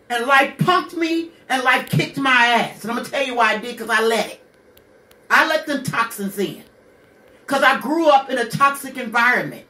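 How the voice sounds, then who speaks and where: A woman's voice: high-pitched, pushed and bright, distant mic. Sixty-something lady on her radio show, swears a lot, asks the listener questions, roomy sound a bit off mic. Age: 60s. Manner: blunt, profane, preacherly, with rhetorical questions. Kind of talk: candid personal monologue.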